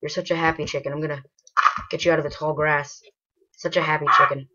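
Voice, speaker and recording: A woman hosting a gaming channel, giving casual gameplay commentary, excitable and rambling, often bursting into loud exclamations. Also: deep voice, quick pace, heavy background noise. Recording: dull lo-fi home recording.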